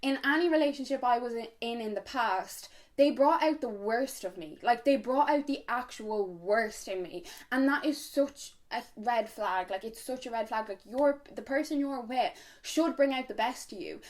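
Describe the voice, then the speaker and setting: A young woman with an Irish accent talks straight to camera in a casual story-time vlog. Her voice sits a little on the high side, and she speaks frankly, with lots of fillers and blunt swearing. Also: moderate pace, few pauses, darkish tone. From Ireland. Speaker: vlogger.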